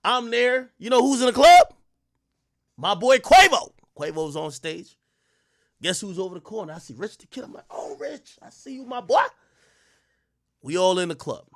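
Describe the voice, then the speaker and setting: A man in his thirties hosts his stream and tells a story in casual, profane street slang. His voice sits high and swings widely in pitch, jumping from loud outbursts to low mutters. The sound is dry and close to the mic. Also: normal speed, dry recording. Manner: animated, swings between loud bursts and muttered asides. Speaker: streamer host.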